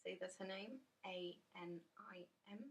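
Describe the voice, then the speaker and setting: A woman's voice: lowish voice, fairly even intonation, measured pace, creaky. A tired woman, chatting casually and rambling through a tarot deck reveal on her vlog, full of ums and self-deprecating asides. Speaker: tarot vlogger.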